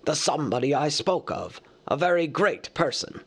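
A man reading a storybook aloud, voicing Gandalf, an old male wizard who lectures in a measured, easily cross way. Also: a little high, very animated, gravelly, fairly bright tone, slightly rough, pitched above the performer's own voice, full character voice. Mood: lecturing.

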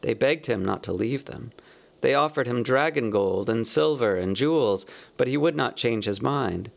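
A man narrating a storybook aloud in a steady storytelling manner. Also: medium pitch, moderate pace, gravelly. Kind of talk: audiobook narration.

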